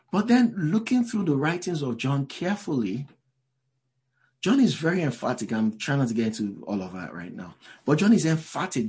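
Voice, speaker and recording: A man's voice: medium pitch, a little mellow. Man preaching a conversational sermon. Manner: conversational preaching with many "you know" asides; questions the congregation directly. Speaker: pastor. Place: church before a live congregation.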